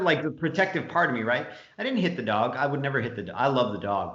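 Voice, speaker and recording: A man's voice: mid-range voice, quick pace. Swearing guy rambling through a story, roomy muffled lo-fi sound. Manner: profane, rambling, animated storyteller. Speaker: podcast co-host. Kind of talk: casual storytelling chat.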